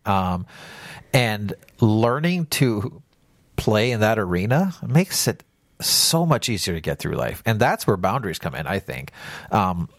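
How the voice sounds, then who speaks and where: A man's voice: on the low side, sing-song, measured pace, dry recording. A man co-hosting a podcast in casual chat, joking and rambling, often trailing off mid-thought. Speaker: podcast co-host. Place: studio.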